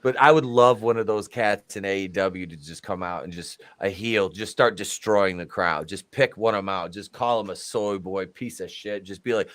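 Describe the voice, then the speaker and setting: A man's voice: low voice, normal speed, few pauses, fairly bright tone. A man chatting casually as a podcast co-host. He talks animatedly, often breaking into exaggerated voices to act out what others said, and laughs along the way. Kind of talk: casual chat.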